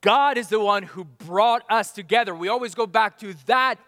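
Pastor, male, high and bright, emphatic sermon delivery, close dry mic with long hall tail. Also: moderate pace. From outside America. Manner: emphatic, rising and falling, rhetorical questions.

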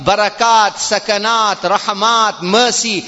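Man giving a fiery friday sermon, high bright voice, dull recording with long hall echo. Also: a little slow. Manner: impassioned, emphatic, swelling to near-shouts.

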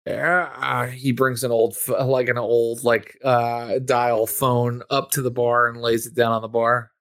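Relaxed storyteller running a tabletop game. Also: medium pitch, unhurried, no echo. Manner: relaxed, hesitant, many fillers.

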